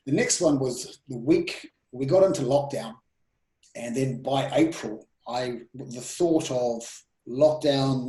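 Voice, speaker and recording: A man guesting on a podcast as a presenting mentor, telling personal stories in a casual, animated way, his voice rising and dropping sharply. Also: medium pitch, reverberant, rough recording. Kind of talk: casual storytelling interview.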